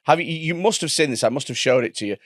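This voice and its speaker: A man's voice: a little high, fast, no echo, clean studio sound. A man co-hosting a comedy podcast, telling rambling stories and laughing along. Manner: rambling, laughing anecdote-teller. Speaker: podcast co-host.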